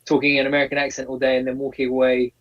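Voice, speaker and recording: A man co-hosting a casual live-stream chat, gushing and excitable, tripping over and repeating his words. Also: mid-range voice, rapid-fire. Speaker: co-host. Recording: distant, muffled call audio.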